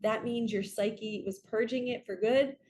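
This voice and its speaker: A woman's voice: a little high, a little slow, slight background noise. A woman spiritual coach giving an earnest, chatty reading, often checking in with "right?" and acting out quotes in her stories. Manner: animated storytelling with acted quotes.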